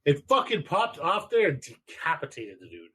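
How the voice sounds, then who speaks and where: A man's voice: a little high, moderate pace, husky, low-quality recording. A man co-hosting a casual podcast, telling stories with heavy swearing and reading a news article aloud. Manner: swearing, animated storytelling. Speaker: podcast co-host.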